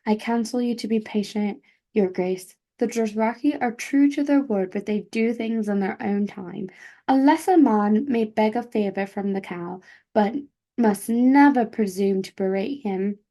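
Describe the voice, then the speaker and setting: A woman voicing a grave, loyal exiled knight in a read-aloud story, giving measured, respectful counsel. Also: medium pitch, mellow.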